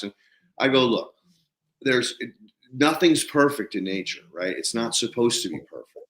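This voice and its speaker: A man's voice: mid-range voice, expressive, normal speed, a bit bright, reverberant. A man hosting a podcast, telling a farming story with energy and acting out both sides of the conversation. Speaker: podcast host.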